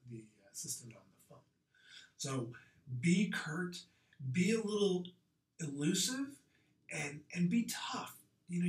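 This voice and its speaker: A man coaching a group call on sales tactics. He talks in a direct, punchy, conversational way and adds lively asides. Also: on the high side, echoey room, recorded from a distance, rough recording.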